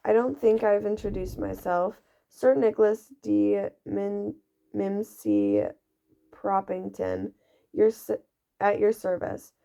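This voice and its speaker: A woman's voice: medium pitch, lively intonation, takes it slowly, gravelly, warm tone. A woman reading a centuries-old male ghost who talks in a formal, courtly way, on a dull lo-fi recording. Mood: wistful.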